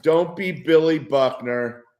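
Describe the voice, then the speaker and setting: A man in his fifties, a former football player, chatting casually about games and telling animated stories with frequent laughs. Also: a little high, takes it slowly. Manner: animated storyteller, laughs often. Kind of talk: casual sports chat.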